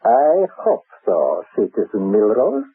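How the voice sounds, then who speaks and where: A man's voice: on the low side, huge pitch swings, slow pace, husky, full character voice. An actor playing a cold, stern male spymaster in a 1970s radio drama, speaking in a clipped, menacing way. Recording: narrow, phone-like old radio broadcast.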